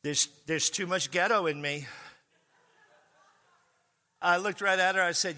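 A man with a high, very bright and cutting voice preaches to his congregation, telling a funny story. He exaggerates for laughs and bursts into sudden shouts. His voice rings out with a long reverb in a large church hall. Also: unhurried, pauses often. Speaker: pastor. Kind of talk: humorous sermon storytelling.

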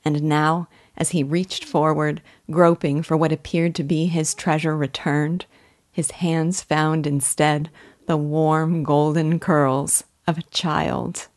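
Low, dry-voiced woman narrator for a measured literature lesson. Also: flat delivery, no echo. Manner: earnest, admiring, measured reading. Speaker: literature guide. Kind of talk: scripted literary commentary.

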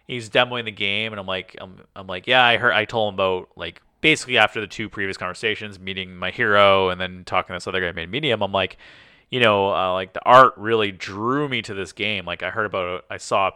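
With a lowish, clear, resonant voice, this podcast co-host talks quickly, wandering through stories and leaning heavily on "like." He acts out quoted conversations with lots of energy, and the studio recording is clean with no room sound.

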